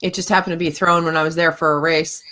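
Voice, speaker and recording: A woman's voice: sits low, little pitch movement, fast talker, pushed and bright. A woman guest on a casual livestream chat who laughs often with a snort, heard a little off-mic over a video call.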